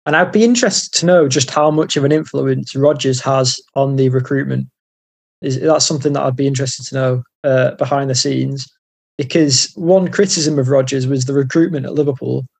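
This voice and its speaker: A man's voice: mid-range voice, a little fast, creaky, darkish tone, breathy edge. A man co-hosting a casual football podcast, agreeable and thinking aloud with hesitations. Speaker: podcast co-host.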